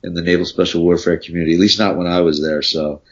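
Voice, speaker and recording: Deep-voiced halting podcast guest. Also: male voice, steady tone. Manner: halting, with many fillers and restarts, dry humor. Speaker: guest, former Navy SEAL. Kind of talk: casual interview talk. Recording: dull lo-fi podcast audio.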